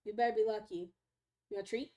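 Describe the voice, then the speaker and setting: A woman's voice: medium pitch, fairly even intonation, fast, mellow. A young woman streaming from home, chatting casually with viewers and talking baby talk to her dogs. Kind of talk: casual live-stream chat.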